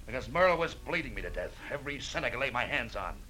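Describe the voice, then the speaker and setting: An actor playing a scheming villain in a 1940s radio drama, sneering and clipped. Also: male voice, medium pitch, big pitch swings, quick pace, pushed and bright, rough recording. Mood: sneering, menacing. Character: smooth, scheming villainous man posing as a lord. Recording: old radio broadcast with faint hiss.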